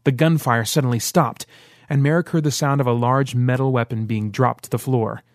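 A man's voice: medium pitch, moderate pace, no room sound. Man narrating a dramatic audiobook. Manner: steady, dramatic storytelling. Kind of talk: scripted narration.

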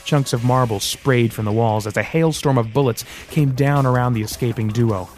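A man narrating an audiobook in steady scripted storytelling. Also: mid-range voice, normal speed, faint music behind.

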